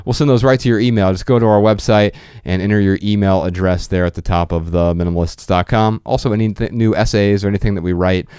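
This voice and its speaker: A man's voice: on the low side, fairly even intonation, fast talker, few pauses, dark tone, clear, resonant tone, no echo. A man co-hosting a podcast in casual chat, joking and reading out tour dates and plugs on a studio microphone. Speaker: podcast co-host.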